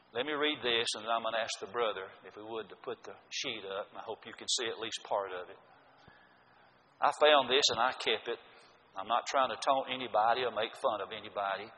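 Older man, preacher, folksy emphatic storytelling, bright voice, lo-fi sound. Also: fairly low pitch. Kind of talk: sermon. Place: church sanctuary. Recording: dull lo-fi sound in a reverberant hall.

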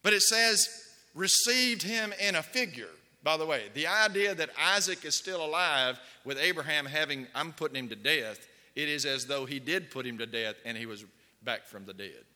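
The pastor here has a fairly high, sharp-toned voice and sounds animated while keeping a moderate pace. He preaches by telling stories and asking his congregation questions, heard through a long hall reverb.

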